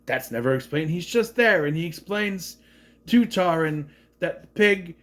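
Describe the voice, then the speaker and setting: Animated sarcastic man reviewing a film. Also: fairly high pitch, a little slow. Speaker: movie reviewer. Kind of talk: casual film review monologue.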